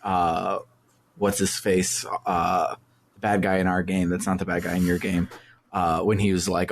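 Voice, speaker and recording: A man's voice: sits low, flat delivery, moderate pace, vocal fry, a little hiss or hum. A man hosting a casual podcast, rambling loosely with lots of fillers. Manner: laid-back, rambling with many fillers. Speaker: podcast host.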